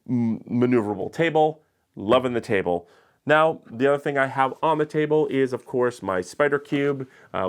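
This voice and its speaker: A man's voice: mid-range voice, clean tone. A man casually walking viewers through his studio lighting and gear, chatty and explanatory with frequent filler words. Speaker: YouTube creator showing his studio. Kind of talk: casual studio tour walkthrough.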